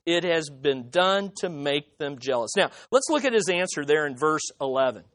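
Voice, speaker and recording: A male pastor delivering an emphatic sermon in church, full of rhetorical questions and dramatic swings between loud and soft. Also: on the high side, expressive, moderate pace, no echo, clean studio sound.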